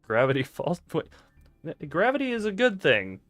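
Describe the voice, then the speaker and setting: A man's voice: medium pitch, huge pitch swings, measured pace, pauses often, fairly bright tone, no echo. A man streaming a card game, chatting casually with his viewers in a playful, rambling, self-mocking way. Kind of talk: casual livestream chat while gaming. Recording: dry close mic with faint game music.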